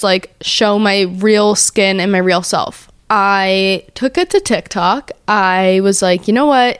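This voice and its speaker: Podcast host, woman in her 20s, candid and chatty, smooth clear voice, close dry mic. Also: mid-range voice, dry recording. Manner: chatty, emotional, heavy use of "like". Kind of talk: candid personal storytelling.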